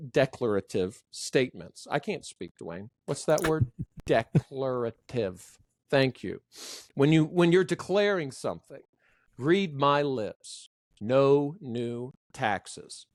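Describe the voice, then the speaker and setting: A man speaking as a trainer in a casual podcast conversation, showing off vocal inflection with big pitch swings. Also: no room sound, clean studio sound.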